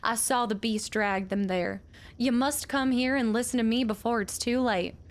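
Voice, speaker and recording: A woman's voice: fairly high pitch, lightly acted. A woman voicing a bitter old widow, drawling. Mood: ominous. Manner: slow drawling folksy reading. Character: bitter grieving old woman, letter writer. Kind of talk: reading game letters aloud in character.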